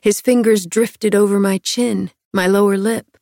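A young woman narrates a first-person romance with a slow, unhurried pace. Her middle-pitched voice turns soft in the quiet moments, and the sound is dry and close. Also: fairly even intonation, no echo. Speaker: audiobook narrator.

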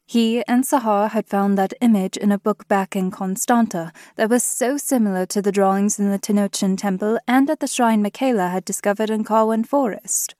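A woman narrating a first-person fantasy audiobook in a measured, steady way. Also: medium pitch, no echo, studio quality.

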